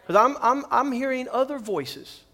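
A middle-aged man preaching a sermon with animated, quick bursts and repeated words. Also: extremely high pitch.

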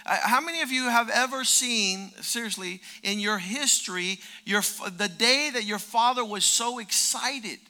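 A man preaching a sermon as pastor, animated, jumping from quiet asides to loud shouts. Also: high-pitched, normal speed, few pauses.

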